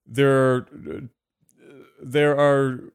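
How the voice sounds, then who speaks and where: A man's voice: mid-range voice, little pitch movement, extremely slow, clean tone. A man co-hosting a podcast, reacting with laughs and casual swearing. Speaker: podcast co-host. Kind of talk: casual chat.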